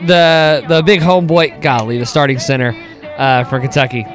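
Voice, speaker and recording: A man's voice: medium pitch, steady tone, moderate pace, soft background music. A man joining in casual podcast banter in a loose, joking way. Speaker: podcast co-host.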